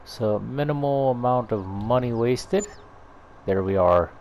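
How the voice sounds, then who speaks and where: A man hosting his gaming channel, chatting in a relaxed, rambling way over his farming gameplay, thinking out loud as he goes. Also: medium pitch, measured pace, muffled recording, slight background noise. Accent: slips into a put-on Irish lilt. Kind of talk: casual gameplay commentary.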